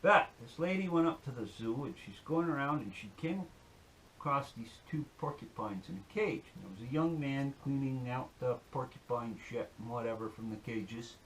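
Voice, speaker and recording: Man, folksy, rambling, casual, mid-pitched voice, faint hiss. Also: expressive, normal speed, fairly bright tone. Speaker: outdoor-skills YouTuber. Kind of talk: casual demonstration and joke-telling.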